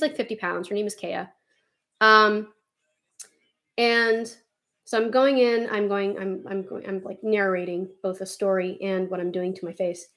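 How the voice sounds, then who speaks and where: A young woman chatting casually while doing her makeup, rambling and swearing freely as she gets heated. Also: medium pitch. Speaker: vlogger doing a makeup tutorial.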